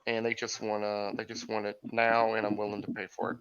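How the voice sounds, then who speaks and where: A man's voice: fairly low pitch, monotone, brisk, fairly bright tone, lo-fi sound, a little hiss or hum. A man in casual chat, hesitant and full of restarts. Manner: hesitant, lots of restarts and ums.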